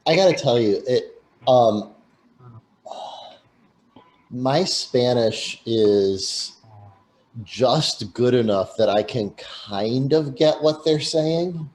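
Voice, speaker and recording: A man's voice: medium pitch, animated, drawn-out words, pauses often, a little mellow, rough recording. Eager, stammering male panelist. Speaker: radio panelist. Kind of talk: casual call-in panel chat.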